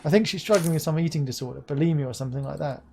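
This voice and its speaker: A woman reading the lines of a stressed young man worried about his partner, in a low, weary mutter. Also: very fast, vocal fry, warm tone, a little hiss or hum.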